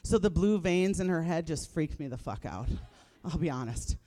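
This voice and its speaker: A woman's voice: sits low, lively intonation, moderate pace, mellow. A woman in her thirties performing a live stand-up comedy set, blunt and profane, landing wry punchlines. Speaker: stand-up comic. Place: live comedy stage before an audience.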